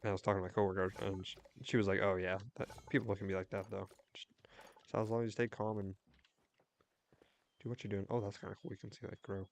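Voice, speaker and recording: A young man chatting casually while livestreaming a game, telling a rambling story with quick restarts. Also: on the low side, flat delivery, a little hiss or hum. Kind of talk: casual chat while gaming.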